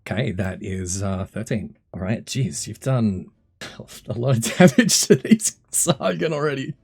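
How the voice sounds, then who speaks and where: Husky and creaky, this medium-pitched male voice moves a little slowly while narrating combat for a tabletop game as its game master. His manner is easygoing, packed with fillers and restarts along the way.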